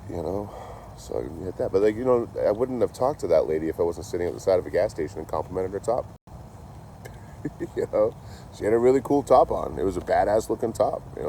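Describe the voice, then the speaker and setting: A deep, mellow-voiced man talks outdoors in a casual, rambling way. He swears freely and leans on "you know" between thoughts. Faint traffic hums behind him in the street. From Massachusetts. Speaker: traveling vlogger. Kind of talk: casual chat.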